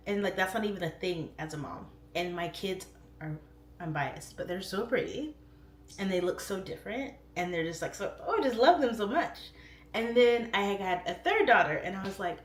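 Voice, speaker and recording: Woman, 30s, livestream host, casual chat, lowish voice, roomy echo. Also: brisk, a little hiss or hum. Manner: chatty, expressive, pitch jumps up for quoted voices.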